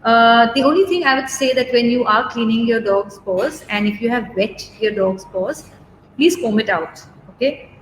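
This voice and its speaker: A chatty dog groomer from India runs a live demo and Q&A, reassuring her audience, using lots of fillers and checking in with "okay?" Her voice sits on the high side at a moderate pace. The room echoes, with faint noise behind her.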